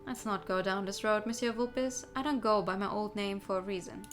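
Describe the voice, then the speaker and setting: A woman's voice: medium pitch, steady tone, a little fast, natural voice. Woman reading a curt falcon lawyer.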